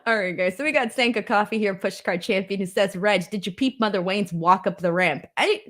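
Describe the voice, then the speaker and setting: A young woman hosts a casual online show and reads viewer comments out loud. She laughs often and sounds at ease while she chats. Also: mid-range voice, brisk. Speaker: host. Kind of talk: casual chat.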